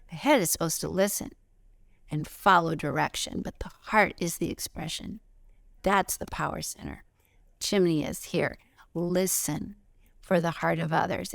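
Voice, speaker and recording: Gravelly low-pitched woman teaching spirituality. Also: no room sound, clean studio sound. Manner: expressive, swings into high excited bursts and soft whispers. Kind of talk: spiritual lesson talk. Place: outdoors.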